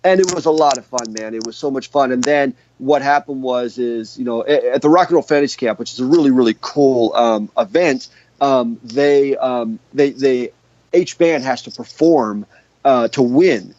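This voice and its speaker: A man in a casual interview spins a long, rambling story full of restarts and fillers. His voice sits at an ordinary pitch. The sound is dull and dry, with no room around it. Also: moderate pace, darkish tone, dry recording. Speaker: guest guitarist.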